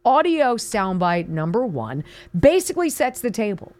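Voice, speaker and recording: A middle-aged woman hosting a talk show, her pitch swinging widely as she mocks and stresses her points. The sound is close and dry, with no room around it. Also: sing-song, moderate pace, a little mellow, no room sound. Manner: sarcastic, emphatic, mocking asides. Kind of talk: opinionated talk radio monologue.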